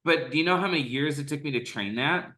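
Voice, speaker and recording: Bright-voiced joking man. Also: a little high, fast talker. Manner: joking, energetic, rambling. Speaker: podcast co-host. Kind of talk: casual podcast chat.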